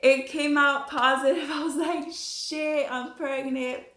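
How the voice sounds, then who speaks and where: A woman's voice: high voice, slow. Chatty young woman in an echoey room. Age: young adult. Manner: chatty, animated, swears freely, many fillers. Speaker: vlogger. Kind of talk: casual storytime.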